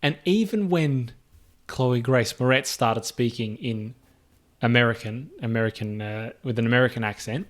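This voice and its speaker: A man's voice: medium pitch, moderate pace. Laid-back man agreeing on a podcast. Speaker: podcast co-host. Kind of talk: casual movie review chat.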